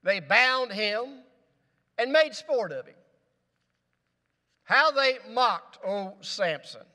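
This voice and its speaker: A man's voice: very high-pitched, lively intonation, takes it slowly, bright, forceful tone, long reverb tail. A male pastor preaching a sermon in a church, with rising emphasis and rhetorical questions. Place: church sanctuary.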